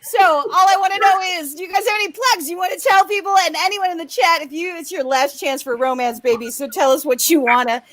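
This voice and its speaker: A woman hosting a live comedy game show over a video call, riffing fast and swearing freely. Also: very high-pitched, a bit bright, no echo.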